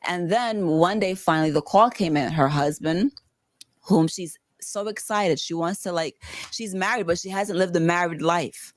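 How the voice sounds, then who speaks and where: A woman from the Bronx, a podcast guest telling a personal story in casual talk, animated and swearing freely. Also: fairly low pitch, normal speed, dry recording. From the Bronx, New York.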